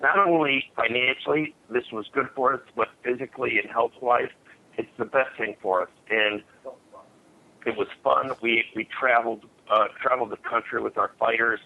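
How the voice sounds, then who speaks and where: A former fighter in his forties, appearing as a podcast guest, tells old fight stories bluntly and rambles while swearing freely in a casual interview. His mid-range voice has vocal fry, fairly even intonation, and a normal speed. The call comes through a tinny phone line with faint hiss.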